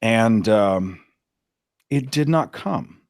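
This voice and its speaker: Brief: low-voiced man, lively storyteller, dry close sound. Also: very slow, no echo. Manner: animated, dramatic retelling. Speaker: podcast host, guest. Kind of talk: anecdotal storytelling.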